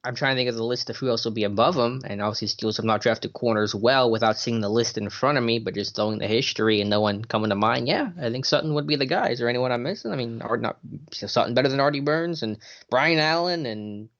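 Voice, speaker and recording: A man co-hosting a casual sports talk podcast, relaxed, thinking aloud with fillers as he answers questions. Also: mid-range voice, quick pace, hardly any pauses. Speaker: podcast co-host. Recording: dull lo-fi audio.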